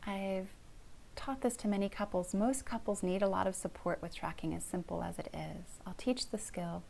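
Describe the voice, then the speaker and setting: A middle-aged woman therapist calmly teaching a couples communication skill, gentle and encouraging, often dropping to a soft whisper. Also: medium pitch, normal speed, creaky. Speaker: family therapist.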